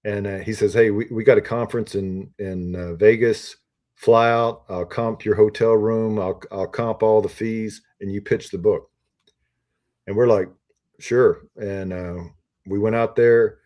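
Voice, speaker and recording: Low, mellow-voiced man telling stories. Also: fairly even intonation, a little slow. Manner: rambling, filler-heavy storytelling with many ums and uhs. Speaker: podcast guest, retired Army officer. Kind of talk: casual storytelling interview.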